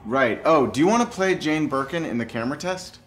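An American actor playing an actor in London, talking in an awkward, halting way and stumbling over his words. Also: a little high, lively intonation, fairly bright tone, a little hiss or hum. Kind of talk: short film acting.

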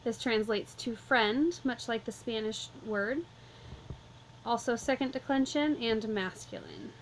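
Woman teacher, slightly high pitch, patient step-by-step delivery, light background hiss. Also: unhurried, low-quality recording. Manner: calm, methodical, step-by-step explaining. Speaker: Latin teacher. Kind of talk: vocabulary lesson walkthrough.

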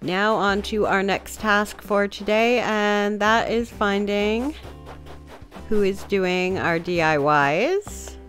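A woman's voice: mid-range voice, slow, a bit bright, soft background music. A young woman giving casual, upbeat commentary while she plays, thinking aloud as she decorates. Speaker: gameplay video creator.

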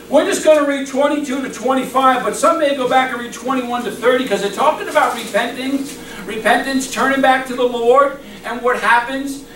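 A man's voice: extremely high pitch, fairly bright tone, a little hiss or hum. A man preaching a sermon with fervent conviction, often breaking into laughter between phrases. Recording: echoey room, mic far off.

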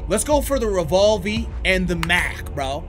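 Animated man shouting through a horror game. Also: high-pitched, a little slow. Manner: animated, crude, bursts into shouting when startled. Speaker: gaming YouTuber. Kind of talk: let's play commentary. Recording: game music playing behind.

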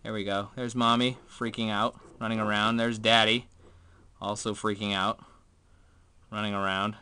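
A man chatting excitedly in a casual home vlog, sometimes hushed and whispering, sometimes jumpy and startled. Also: fairly low pitch, moderate pace, clear, resonant tone. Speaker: vlogger.

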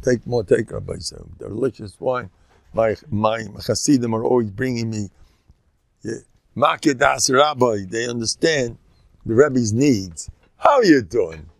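A man's voice: mid-range voice, measured pace, gravelly, no room sound, studio quality. An older man, a rabbi giving an informal Torah talk, folksy and joking, sprinkling Yiddish and Hebrew words and jumping between teaching and banter.

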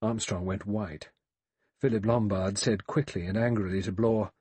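Husky, low-voiced male narrator. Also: steady tone, dark tone, dry recording. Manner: measured, grave storytelling. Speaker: audiobook narrator. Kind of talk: scripted narration.

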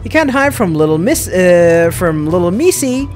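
A man's voice: high-pitched, big pitch swings, normal speed, faint music behind. A man voicing a flamboyant male spirit who puts on a cutesy girlish act, talking in a gushing, coy, sing-song way.

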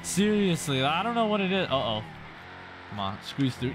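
A young man giving excitable gameplay commentary, full of exclamations and constant "bro". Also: on the high side, normal speed. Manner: hyped, says "bro" constantly, frequent exclamations. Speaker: gaming YouTuber. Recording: music playing underneath. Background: game sounds and music.

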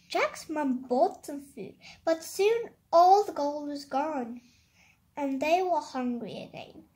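Little kid reading a storybook out loud, high voice, slow and careful. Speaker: story reader. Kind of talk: reading a picture book aloud, with page comments.

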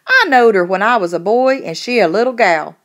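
Lady reading as a gruff frontier dad, folksy drawl, kinda loud and halting, storybook. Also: medium pitch, animated, lightly acted. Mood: hearty. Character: gruff rustic frontier father, middle-aged man.

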